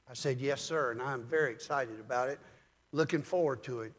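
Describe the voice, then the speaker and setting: An older man preaching a sermon as a pastor, telling folksy stories in a calm, measured way. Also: on the high side, long reverb tail.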